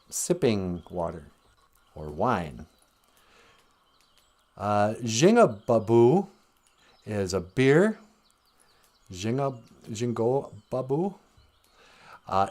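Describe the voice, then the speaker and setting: A man hosting a casual live-stream podcast, teaching words in an unhurried, musing way and chuckling often. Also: medium pitch, a little mellow.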